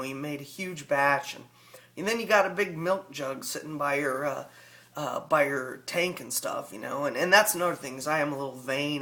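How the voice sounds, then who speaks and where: A man's voice: fairly high pitch, bright, forceful tone. A man with a rural Southern US accent, talking casually and rambling in a folksy way as a hobby vlogger. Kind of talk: casual vlog talk.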